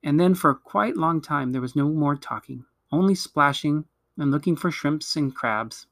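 A man reading a children's novel aloud at a measured pace, with occasional slips he corrects. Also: on the high side, fairly bright tone, no echo, studio quality. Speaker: reader.

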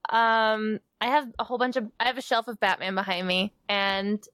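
A woman's voice: medium pitch, normal speed, fairly bright tone, clean tone, no room sound. A woman hosting a casual group chat, rambling in a slightly anxious way.

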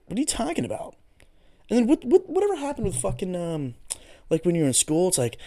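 A man's voice: sits high, huge pitch swings, fairly quick, mellow. A man hosting a casual solo podcast, rambling through goofy tangents with lots of swearing. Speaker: podcast host.

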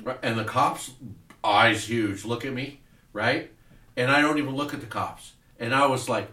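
A man hosting a podcast, telling a profane story in a casual, animated way and acting out voices. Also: mid-range voice, moderate pace, reverberant, far from the mic. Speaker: podcast host. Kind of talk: casual storytelling over drinks. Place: podcast studio.

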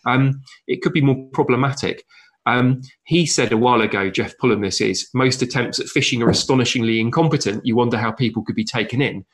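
A man's voice: mid-range voice, a little fast. A man from southern England co-hosting a language podcast, talking casually with many fillers. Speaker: podcast co-host. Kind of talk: casual discussion.

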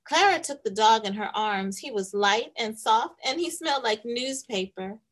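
A woman host reading a picture book aloud to young children, animated and teacherly. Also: fairly high pitch, moderate pace. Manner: animated, warm teacherly storytelling.

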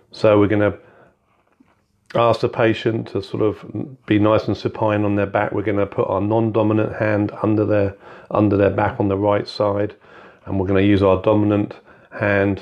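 A man talking through a clinical examination step by step, in a methodical, instructive way with frequent fillers. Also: fairly low pitch. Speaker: clinical skills teacher. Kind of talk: spoken medical teaching walkthrough. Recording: dull, slightly lo-fi sound.

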